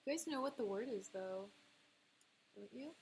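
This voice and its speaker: A young woman chatting casually on a livestream, excitable and quick to laugh at herself. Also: fairly high pitch, creaky, slight background noise. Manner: excitable, laughing often, self-deprecating groans. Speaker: illustrator streaming live. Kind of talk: casual livestream chat while playing a drawing game.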